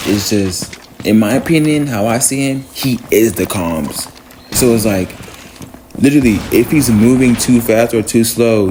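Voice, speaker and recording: Young male gamer, lowish voice, rambling casual monologue with faint background hum. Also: a little mellow. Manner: rambling, halting, frequent restarts and fillers; casual slang and swearing. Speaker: gaming content creator.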